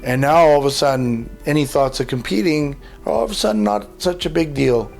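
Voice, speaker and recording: A man tells his own life story in an interview. He is a lively storyteller who acts out the dialogue and uses many fillers like "uh" and "like". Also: medium pitch, gravelly. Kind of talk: personal testimony told in an interview.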